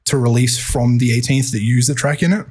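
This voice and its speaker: A man's voice: medium pitch, steady tone, a little fast, darkish tone, slightly rough. A man, a music producer, chatting casually on a podcast with a hesitant manner, repeating words and using many fillers.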